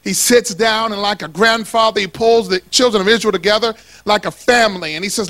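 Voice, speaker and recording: A man preaching a lively sermon to a congregation, calling for responses, joking and swinging between quiet asides and shouts. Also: sits high, brisk. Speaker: pastor. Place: church sanctuary with congregation.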